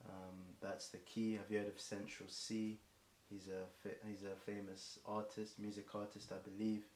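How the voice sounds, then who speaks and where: Young English man, low flat voice, slightly hoarse, rambling rhyming freestyle, lots of ums, echoey room. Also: normal speed. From England. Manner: rambling, self-correcting, frequent ums and restarts. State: voice getting hoarse. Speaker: streamer performing a marathon song. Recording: echoey room with faint background noise.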